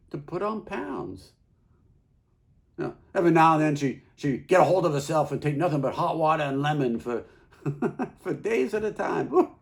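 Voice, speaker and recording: A man's voice: sits high, vocal fry, darkish tone. Guy doing a folksy stage monologue as a regular husband, voice jumps all over, keeps repeating himself. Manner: folksy, storytelling, halting repeats. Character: Carl, plain-spoken middle-aged husband. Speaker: actor performing a monologue. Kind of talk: theatrical monologue.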